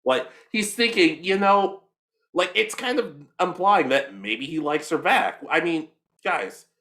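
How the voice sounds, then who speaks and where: Young male co-host with a lively, swinging delivery, dropping into quick voices for the characters as he recaps. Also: on the high side. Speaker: podcast co-host. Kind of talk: casual recap of an anime episode.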